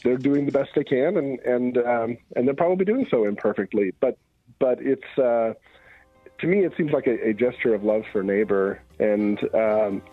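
A man speaking as a radio guest over a phone line, halting and thoughtful, with lots of restarts. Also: medium pitch, faint music behind. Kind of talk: conversational commentary. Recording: muffled phone-line call.

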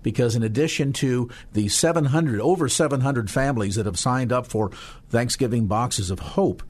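Fast-talking man hosting a radio appeal. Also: medium pitch, darkish tone, husky. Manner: fast-talking, repeats phone numbers slowly. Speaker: radio fundraiser host.

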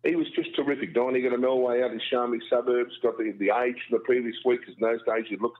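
Australian male guest, quick, jokey storyteller, tinny phone-line sound. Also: medium pitch. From Brisbane, Australia. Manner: jokey, animated, self-deprecating. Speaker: guest broadcaster. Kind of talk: casual radio chat, storytelling.

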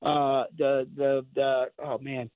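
A man's voice: medium pitch, flat delivery, smooth, dry recording. Rambling fifty-something man on a phone line. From Chicago area. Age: 50s. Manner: rambling, halting storyteller. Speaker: guest actor. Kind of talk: phone-in interview chat.

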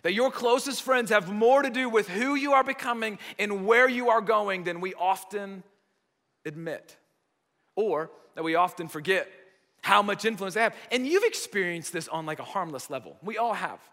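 American male pastor, bright tense voice, chatty repetitive sermon delivery. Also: high-pitched, expressive, moderate pace, in a large hall. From United States. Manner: conversational, repeats phrases for emphasis.

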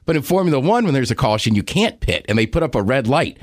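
A man's voice: mid-range voice, sing-song, quick pace, no echo, clean studio sound. A man co-hosting a podcast, chatting casually and eagerly about sports and racing. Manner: enthusiastic, nerdy about racing. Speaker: podcast co-host.

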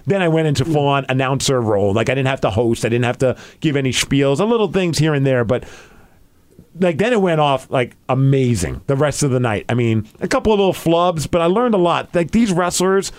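A young man hosting a podcast, telling a story in an excited, rambling way and saying "like" a lot. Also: mid-range voice, fairly quick. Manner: excited, rambling, heavy use of "like". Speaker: podcast host.

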